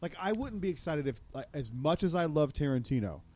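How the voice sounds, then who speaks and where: A man's voice: a little high, big pitch swings, fairly quick, warm tone. A man co-hosting a podcast, chatting casually in a rambling, hesitant way, often restarting his phrases. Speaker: podcast co-host. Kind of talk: casual chat.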